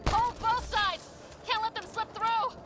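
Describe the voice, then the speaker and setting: A loyal woman soldier calls out tactics in short, clipped lines. Her voice sits very high. Loud game music runs beneath her. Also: steady tone, unhurried. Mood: tense.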